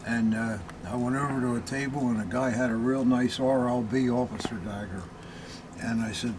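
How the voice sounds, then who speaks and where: A man's voice: medium pitch, fairly even intonation, normal speed, noisy background. A man hosting a collectors' show, chatting and telling stories in a friendly way. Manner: friendly, storytelling. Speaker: host. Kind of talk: casual chat.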